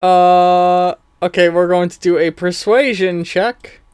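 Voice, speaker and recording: A man's voice: high-pitched, fairly even intonation, slow pace, a little mellow, clean tone, dry recording, studio quality. A man narrating as game master of a tabletop game, chatty and loose, laughing at his own jokes.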